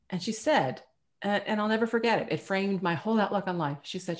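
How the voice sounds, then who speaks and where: A woman speaks as a guest on a business panel and tells personal stories. She is animated and voices the people she quotes as she goes. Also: mid-range voice, fast. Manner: animated storyteller acting out quoted dialogue.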